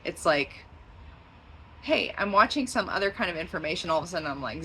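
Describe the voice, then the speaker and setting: A woman's voice: sits low, fairly quick, pushed and bright, slight background noise, poor audio. A woman talking in a rambling, stream-of-consciousness vlog, drifting into tangents and laughing often. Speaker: vlogger.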